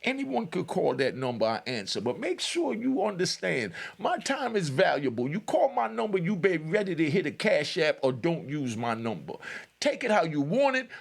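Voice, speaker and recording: A man's voice: fairly high pitch, very animated, normal speed, creaky. A man hosting a commentary channel, speaking straight to the camera in a blunt, lecturing way and filling his talk with "you know". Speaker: YouTube commentary host. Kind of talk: direct-address commentary.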